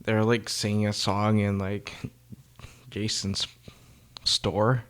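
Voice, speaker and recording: A man's voice: fairly low pitch, flat delivery, takes it slowly, a bit bright. A man co-hosting a podcast, giving brief, laid-back replies with chuckles in a casual movie chat. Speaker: podcast co-host.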